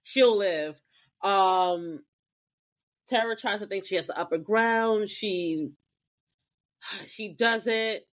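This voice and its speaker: A woman co-hosting a podcast, recapping a TV episode in an animated, profane way. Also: mid-range voice, slow pace, pauses often. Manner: animated, profane, acts out characters. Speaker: podcast co-host. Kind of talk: casual chat recapping a TV episode.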